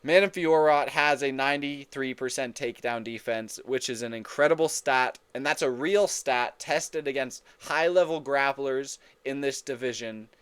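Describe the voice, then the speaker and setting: A man hosting a casual fight breakdown, talking in an excitable, profane way and often repeating and correcting himself. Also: medium pitch, normal speed, hardly any pauses, smooth. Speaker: MMA fight predictions host.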